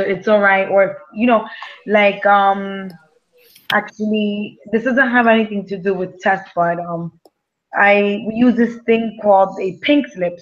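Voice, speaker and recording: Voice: mid-range voice, muffled recording. A teacher of young children sharing a classroom story in a hesitant way, with many fillers. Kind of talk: classroom discussion.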